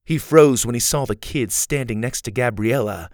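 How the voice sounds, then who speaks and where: A man narrating a children's adventure story in a lively storytelling manner. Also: medium pitch, moderate pace, few pauses, no echo, clean studio sound.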